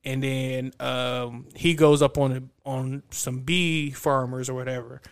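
A young man in casual chat, recapping a movie plot in a rambling, profane, animated way. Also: mid-range voice, measured pace, clear, resonant tone. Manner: profane, animated storytelling with acted-out quotes.

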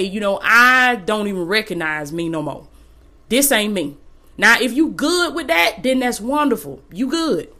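A woman's voice: fairly high pitch, fairly bright tone. A woman giving a faith-based motivational talk, exhorting listeners in a casual, colloquial way and repeating phrases for emphasis. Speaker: motivational speaker.

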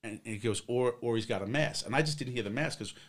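A man's voice: mid-range voice, fast. A middle-aged man, a former police officer, telling a long personal story in casual conversation, with many fillers and quoted exchanges. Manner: rambling, acts out others' quotes, many fillers.

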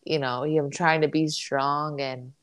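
Low-voiced woman, chatty podcast co-host with a dry, close sound. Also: takes it slowly, clean tone, dry recording. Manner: chatty, animated retelling with many fillers. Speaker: podcast co-host, military spouse. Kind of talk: casual chat.

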